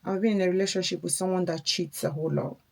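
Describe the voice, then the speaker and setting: A young woman talks straight to her viewers while getting ready. Her voice sits a touch lower than most women's, and she rambles in a candid, confiding way, circling back on her own thoughts. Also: fast talker, gravelly. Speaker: vlogger. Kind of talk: casual get-ready-with-me storytelling.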